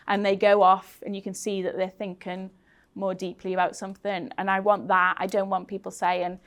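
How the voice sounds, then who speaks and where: A woman's voice: mid-range voice, fairly even intonation, a little fast. A middle-aged woman with a Liverpool accent, speaking earnestly in a conversational panel talk and acting out what she tells her workshop members. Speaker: founder of a craft activism group, guest speaker.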